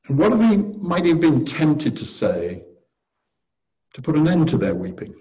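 A man's voice: a little high, big pitch swings, measured pace, dark tone, low-quality recording. Earnest man teaching a sermon. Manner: earnest, posing rhetorical questions, wry humor. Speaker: church teacher leading table discussion.

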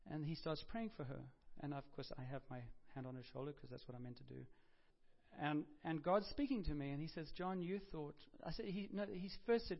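A male pastor preaches in a fairly high voice, chatting through his stories, stumbling and correcting himself as he goes. The recording is dull and lo-fi. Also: brisk, creaky. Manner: conversational storytelling with self-corrections and humor. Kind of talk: sermon. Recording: dull lo-fi sound.

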